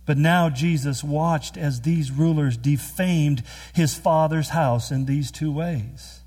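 A man preaching a sermon, earnest and emphatic, with quick storytelling asides. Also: on the high side, darkish tone, breathy edge. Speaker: pastor.

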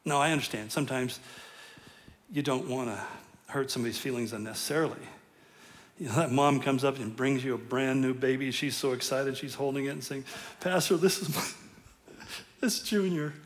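A man's voice: medium pitch, steady tone, brisk. A middle-aged man preaching a sermon as pastor, conversational and self-deprecating, often chuckling at his own jokes.

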